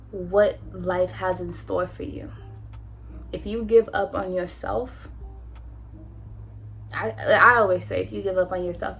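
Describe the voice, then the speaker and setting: A woman from California telling her own story in a candid, animated, slangy way, as a motivational vlogger on a close mic. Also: medium pitch, creaky, a little hiss or hum. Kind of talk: personal storytelling, motivational talk.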